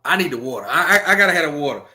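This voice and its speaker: A young man talks in a casual podcast chat, his voice sitting high and bouncing widely in pitch. The tone is bright and forward, and he tells his stories in an animated way, laughing often and repeating his punchlines. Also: very fast. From Louisiana. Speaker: guest.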